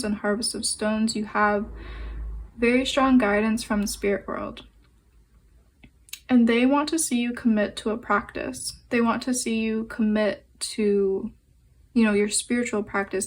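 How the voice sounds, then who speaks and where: A young adult woman giving a pick-a-card tarot reading, speaking gently and meandering with fillers and pauses. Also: medium pitch. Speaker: tarot and oracle card reader.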